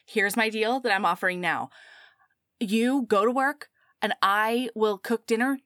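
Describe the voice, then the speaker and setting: A woman co-hosting a casual chat, giggly and animated as she recaps a story and playfully voices its characters. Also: a little high, unhurried, no echo, clean studio sound. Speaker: podcast co-host.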